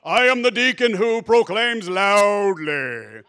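A man voicing a huge, very loud deacon who booms out every word. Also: sing-song, slow pace, clear, resonant tone, no room sound, studio quality, exaggerated voice. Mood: booming. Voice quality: booming, loud.

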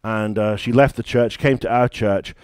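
A man's voice: fairly low pitch, steady tone, normal speed, clear, resonant tone, no echo, clean studio sound. A British man, a church founder and pastor, preaching a sermon in a conversational, emphatic way with stories.

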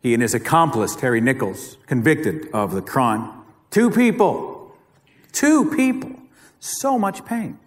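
A man's voice: mid-range voice, sing-song, unhurried. A man with an Oklahoma accent giving a live public talk, emphatic and dramatic, repeating phrases for effect. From Oklahoma, USA. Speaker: guest speaker. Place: lecture hall. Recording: reverberant hall recording.

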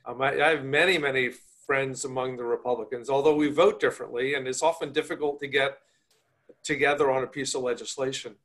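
A man, a congressman, explaining policy in a measured way with frequent hesitations, over a video call. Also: medium pitch, fairly even intonation, a bit bright. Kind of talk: remote panel discussion.

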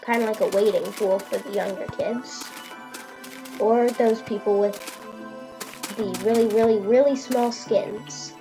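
A woman with a slightly high voice narrates her game build in a plain, matter-of-fact way. Soft music runs faintly under her. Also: steady tone, a little slow, poor audio. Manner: plain, matter-of-fact explaining, dry comebacks. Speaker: channel host.

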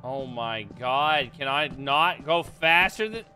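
Excitable swearing male gamer. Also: medium pitch, slow, over music. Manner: excitable, swears a lot, yelps and repeats himself. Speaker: streamer. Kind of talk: casual gaming chatter.

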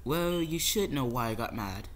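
A woman's voice: very deep voice, lively intonation, moderate pace, slight background noise. A woman recording bloopers for a home-made audio drama, laughing and bossily restarting takes. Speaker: amateur voice actor.

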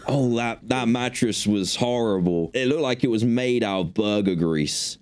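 A young man giving jokey, excitable let's play commentary and chattering to the game characters as he plays. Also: medium pitch, a little slow, few pauses, clear, resonant tone. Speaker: gaming video host.

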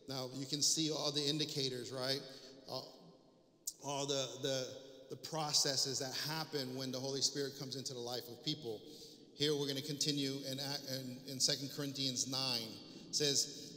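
A man's voice: medium pitch, fairly even intonation, moderate pace, pushed and bright. A man preaching a sermon as pastor, reading scripture aloud and then explaining it. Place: church sanctuary. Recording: echoey church hall.

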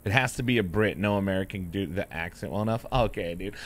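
A man's voice: sits low, quick pace, hardly any pauses, no room sound. A man doing casual gameplay commentary as a streamer, in a laid-back, rambling way. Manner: laid-back, rambling, says dude a lot. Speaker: gamer streamer. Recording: clear game noise behind.

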